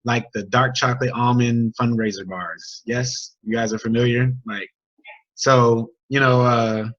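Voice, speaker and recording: A man coaching his team on a group video call, telling a story with an energetic, chatty manner and questions to the group. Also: mid-range voice, unhurried. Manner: energetic, chatty, sports metaphors and crowd questions. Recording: dull lo-fi video call audio.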